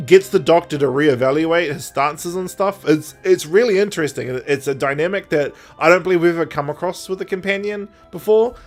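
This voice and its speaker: A man co-hosting a podcast, casually recapping an audio drama and acting out the characters' lines with big jumps in pitch and loudness. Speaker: podcast co-host.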